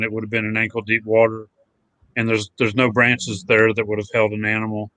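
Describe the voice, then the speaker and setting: A man's voice: fairly low pitch, bright, forceful tone, no room sound, poor audio. A man on a podcast as a guest, talking in a plain, matter-of-fact way in casual chat. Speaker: guest outdoorsman.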